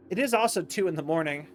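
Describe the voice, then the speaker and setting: A tired man streaming late at night, rambling and interrupting himself in casual livestream commentary. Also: high voice. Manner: rambling, self-interrupting, chatty. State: tired, yawning.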